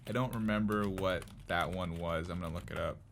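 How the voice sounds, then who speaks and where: A man's voice: deep voice, fairly quick, slight background noise. A man co-hosting a casual podcast chat, rambling with lots of fillers and frequent laughs. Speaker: podcast co-host.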